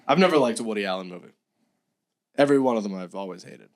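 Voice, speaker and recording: A young man co-hosting a casual podcast, excitable, swearing freely and laughing often. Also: lowish voice, fast talker, long pauses. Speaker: podcast co-host. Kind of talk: casual chat.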